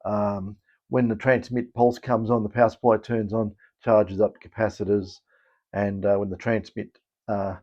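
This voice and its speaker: An Australian man gives a casual technical explanation in a lowish voice. He rambles, with frequent fillers and restarts. The recording sounds dull and lo-fi. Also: little pitch movement, moderate pace, warm tone. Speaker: electronics technician and channel host.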